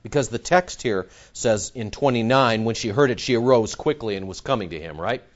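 A man's voice: medium pitch, fairly quick, muffled recording. A man preaching a sermon to his congregation. He asks rhetorical questions and repeats phrases for emphasis. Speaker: pastor.

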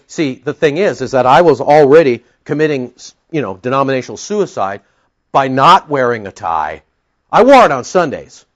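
A male pastor preaching a sermon, telling stories with rambling asides, in a dull lo-fi recording. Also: mid-range voice. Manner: animated storytelling, rambling with asides.

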